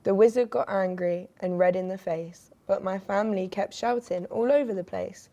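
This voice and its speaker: A woman reading a rhyming children's picture book aloud with an expressive, sing-song delivery. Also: medium pitch, normal speed, few pauses. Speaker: storyteller.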